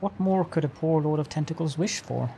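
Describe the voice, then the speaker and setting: Male streamer, live gameplay chat, raspy-edged tone, playful mock-formal greetings. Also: on the high side, brisk, mellow, a little hiss or hum. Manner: chatty, talks to himself while building. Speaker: game streamer.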